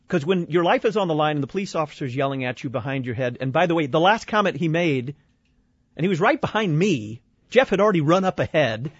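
A man from Illinois telling an animated, exasperated personal story, slipping into other people's voices as he goes. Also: on the high side, breathy edge, no echo. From Illinois, USA. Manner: lively, exasperated, acts out quoted voices. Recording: dull dry studio sound.

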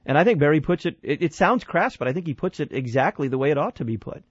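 A man's voice: a little high, animated, fast, slightly rough, no echo, dull audio. A man hosting a call-in radio show, talking thoughtfully and emphatically and building his points in lists. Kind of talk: call-in talk radio discussion.

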